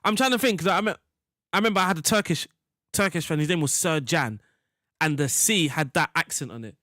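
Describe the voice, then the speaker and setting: Young man, loose jokey gameplay chatter, raised pitch, dry close mic. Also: animated, a little fast, pushed and bright, no room sound. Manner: rambling, jokey, talks to chat. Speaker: gaming streamer. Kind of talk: casual gameplay commentary.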